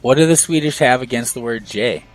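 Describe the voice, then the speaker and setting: A man's voice: mid-range voice, brisk, rough recording. A man hosting a casual podcast chat, laughing often and rambling with fillers. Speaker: podcast host.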